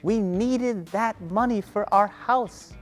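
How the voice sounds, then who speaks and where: A woman's voice: mid-range voice, slow pace, faint music behind, pitched above the performer's own voice, close to an everyday voice. A woman voicing an upset mother who scolds her son in a raised voice. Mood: scolding.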